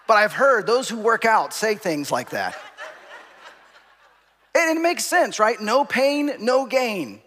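A man preaching a sermon, telling a personal story, at times calling out loudly and at times dropping to a hush. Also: sits high, very animated, takes it slowly, pauses often, in a large hall. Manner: storytelling, rising to shouts and dropping to hushed asides. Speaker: pastor.

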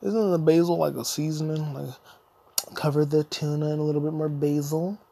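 Young guy podcast host cussing out the listener, husky and mellow voice, just ranting solo. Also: on the high side, fairly even intonation, normal speed. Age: young adult. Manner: profane, insulting, mock-lecturing the listener. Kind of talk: solo comedic rant.

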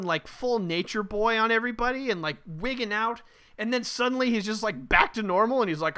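A man's voice: high voice, expressive, normal speed, pushed and bright. A man co-hosting a casual movie review podcast, ranting bluntly and profanely. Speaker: podcast co-host.

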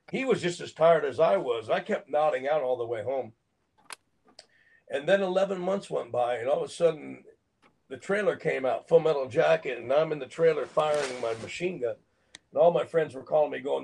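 A man's voice: fairly high pitch, a little mellow, husky, low-quality recording. An older man from Phoenix, an actor, telling a story in an interview, acting out quotes and laughing between lines. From Phoenix, Arizona, USA. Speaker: actor and guest.

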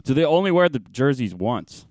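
A man's voice: medium pitch, big pitch swings, normal speed, a little mellow, no room sound, clean studio sound. A man co-hosting a podcast in casual, crude, joking banter. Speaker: podcast co-host. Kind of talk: casual chat.

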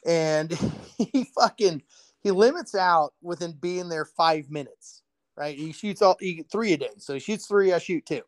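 A man's voice: on the high side, unhurried, dry recording. A man in casual podcast chat, laid-back and profane, telling hunting and cooking stories. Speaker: podcast co-host.

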